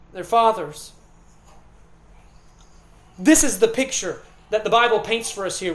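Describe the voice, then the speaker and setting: A man's voice: high-pitched, a bit bright. Earnest preaching man in an echoey hall. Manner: earnest preaching with emphatic repetition and pauses. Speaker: pastor. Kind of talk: sermon.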